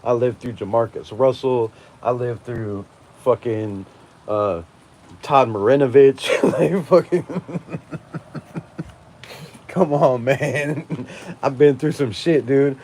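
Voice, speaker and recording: A man's voice: mid-range voice, fairly even intonation, slow, a little mellow, a little hiss or hum. A man in his forties hosting a live fan stream, ranting with heavy swearing and frequent laughter. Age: 40s. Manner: profane, emphatic, laughing often. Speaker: fan channel host. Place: outdoors at night during a storm.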